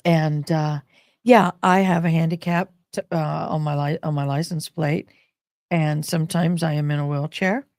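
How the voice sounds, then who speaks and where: Gravelly, breathless woman streaming live. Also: low-pitched, a little mellow, no echo, clean studio sound. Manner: rambling, chatty, with frequent sighs and coughs. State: short of breath. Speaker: livestream host. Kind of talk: casual live-stream chat.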